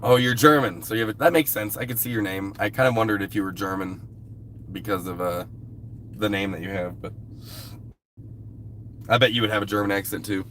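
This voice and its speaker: A man talks to his livestream viewers in a somewhat low voice. He rambles in a loose, easygoing way and swears offhandedly. A faint background hiss runs under the speech. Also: fairly quick, pauses often, a bit bright. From US West Coast. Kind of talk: casual live-stream chat with viewers.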